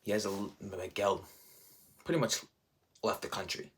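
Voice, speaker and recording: Rambling, enthusiastic man with a lowish voice. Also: normal speed. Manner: enthusiastic, rambling, many fillers. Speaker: show reviewer. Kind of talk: casual spoiler review.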